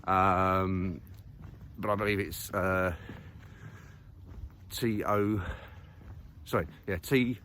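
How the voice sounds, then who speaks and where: Low male vlogger, loose unscripted ramble outdoors, faint background noise. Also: fairly even intonation, very slow, pauses often, fairly bright tone. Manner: rambling, many fillers, thinking aloud. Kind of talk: casual walking monologue. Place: outdoors on a muddy countryside walk.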